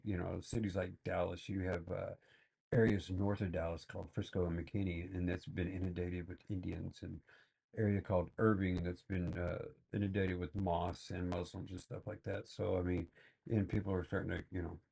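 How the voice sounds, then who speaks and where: Gravelly man ranting. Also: low-pitched, level tone, moderate pace, dark tone. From Texas. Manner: rambling, filler-heavy, exasperated. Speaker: reaction video host. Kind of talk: casual ranting commentary.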